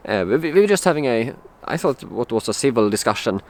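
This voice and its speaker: A young man from Sweden, telling a personal story in a casual vlog, halting with many fillers and restarts. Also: mid-range voice, big pitch swings. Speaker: vlogger.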